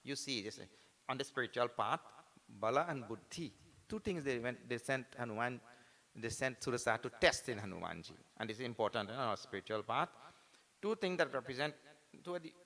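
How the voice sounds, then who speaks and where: A man giving a spiritual discourse, animated and full of rhetorical tag questions like "correct or not?". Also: mid-range voice, a little fast. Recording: hall reverb with faint music behind.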